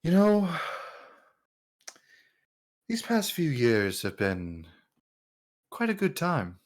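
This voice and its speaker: A man's voice: on the high side, huge pitch swings, drawn-out words, pitched above the performer's own voice, exaggerated voice. A man voicing a smug, pompous male king who speaks in a mock-polite tone.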